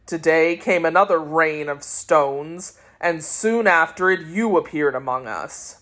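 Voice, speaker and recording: A woman voicing a cold, cruel male sorcerer covered in thorns, speaking slowly and sternly in a storybook reading. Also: low-pitched, a bit bright. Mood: defensive. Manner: slow, stern and accusing.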